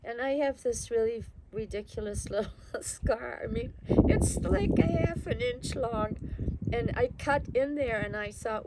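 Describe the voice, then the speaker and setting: A woman's voice: fairly high pitch, animated, unhurried. A woman from Germany, reflectively and candidly recounting her life story in an interview. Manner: reflective, candid, wry at times. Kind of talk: personal oral history. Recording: loud background noise, passing vehicles.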